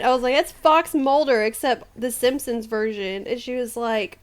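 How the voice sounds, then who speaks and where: A young American woman with a high, bright-sounding voice chats on a casual podcast. She teases her co-host and tells stories with lively energy, laughing between lines. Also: normal speed, few pauses. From United States. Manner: animated, teasing storyteller who laughs a lot.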